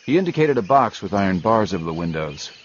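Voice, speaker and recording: A man narrating a grim adventure novel in a steady storytelling manner. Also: low-pitched, fast talker, muffled recording, slight background noise. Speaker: audiobook narrator. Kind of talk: scripted narration.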